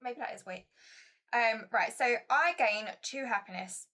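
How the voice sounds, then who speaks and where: A woman's voice: on the high side, unhurried, sharp tone. A woman chatting casually to her viewers while playing a board game, chatty and self-mocking.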